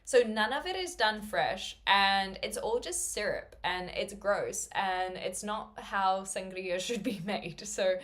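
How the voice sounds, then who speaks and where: A woman chatting live with her stream audience in a loose, rambling way. She fills gaps with ums and uhs and keeps breaking into laughter. Her pitch sits in an ordinary middle range. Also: slow pace, hardly any pauses, a bit bright. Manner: chatty, rambling, many fillers, laughs often. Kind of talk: casual chat with viewers.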